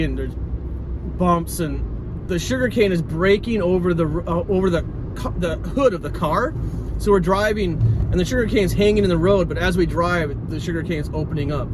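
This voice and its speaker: A man's voice: a little high, normal speed. Rambling man telling a story in a car. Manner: rambling, with frequent restarts. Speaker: travel storyteller. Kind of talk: casual storytelling. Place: moving car. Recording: road noise in a car.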